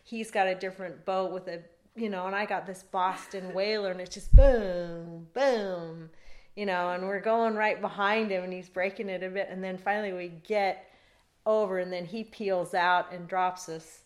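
A woman's voice: mid-range voice, normal speed. Woman telling a rambling story. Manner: rambling, animated, laughs while telling. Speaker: interviewee. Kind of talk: casual storytelling.

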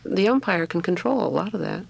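A man from Alaska, a softball umpire, talking plainly and firmly in a casual radio chat. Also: high voice, lively intonation, a little fast, creaky, husky. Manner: firm, plain-spoken storyteller.

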